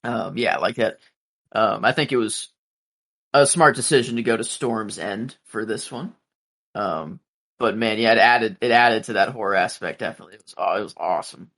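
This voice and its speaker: Podcast cohost guy, bright sharp voice, rambly, lots of likes and ums. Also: on the low side, normal speed. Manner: rambling, many fillers and restarts. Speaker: podcast co-host. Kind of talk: casual chat.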